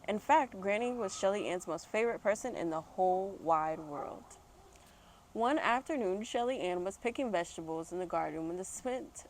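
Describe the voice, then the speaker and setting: Woman, mother, reading aloud, chatty, self-mocking, mid-pitched, dogs faintly barking. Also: a little hiss or hum. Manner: chatty asides, laughs at herself. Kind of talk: reading a picture book aloud. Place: home. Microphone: external microphone.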